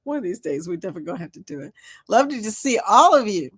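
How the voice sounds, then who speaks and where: An older woman hosts a casual livestream chat, greeting viewers by name. She talks loudly, and her pitch swings up and down a lot. She laughs often. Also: very fast, slightly rough. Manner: animated, laughs often, loud and lively. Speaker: live-stream host. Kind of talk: casual live-stream chat reading comments.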